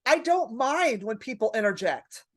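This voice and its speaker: A woman's voice: on the high side, sing-song, normal speed, fairly bright tone. Brash, foul-mouthed woman comedian. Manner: profane, brash storytelling. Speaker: comedian guest. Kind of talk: casual podcast chat.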